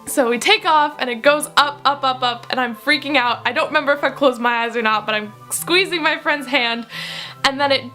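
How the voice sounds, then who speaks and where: High, bright-voiced young woman vlogger. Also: brisk, soft background music. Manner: excitable, giggly storytelling with quoted voices. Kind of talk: storytelling vlog.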